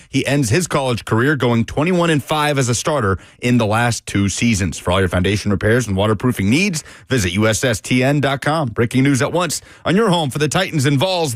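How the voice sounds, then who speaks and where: A man reading a scripted sports news update on the radio, with a brisk, even newsreader delivery from a studio microphone. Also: medium pitch, no room sound.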